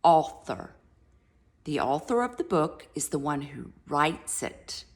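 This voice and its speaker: A woman reading a children's picture book aloud to a child, narrating softly and often dropping to a whisper. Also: deep voice, very animated, unhurried. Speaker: reader to a child.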